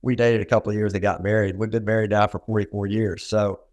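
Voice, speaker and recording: A man's voice: on the low side, flat delivery, fast, a little mellow. Older man with a Southern drawl. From Arkansas. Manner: folksy, self-deprecating, laughs often. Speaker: dentist guest. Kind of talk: conversational interview storytelling.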